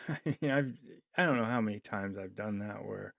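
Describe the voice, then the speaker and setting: Male podcast host, gravelly, close and dry; earnest, rambling solo commentary. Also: on the low side, normal speed, a bit bright, dry recording. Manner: earnest, rambling with frequent fillers.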